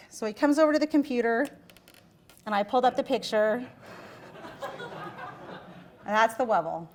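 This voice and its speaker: Woman, middle-aged, university lecture, lively anecdote, acts out quotes, somewhat high pitch. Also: moderate pace, pauses often. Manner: animated, chatty, acts out quoted voices. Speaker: guest lecturer. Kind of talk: storytelling lecture.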